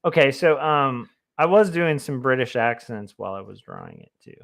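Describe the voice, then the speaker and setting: A man's voice: medium pitch, expressive, moderate pace, gravelly, hardly any pauses, fairly bright tone. A man, a comic artist, chatting casually on a livestream in a rambling, self-amused way. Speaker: comic artist streaming his work.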